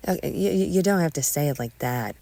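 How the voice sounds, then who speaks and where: A woman's voice: low voice, expressive, brisk, creaky, warm tone, dry recording, heavily acted. A woman voicing a rattled young man who stammers and hedges in a narrated audio story. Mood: awkward. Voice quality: stammering, hesitant.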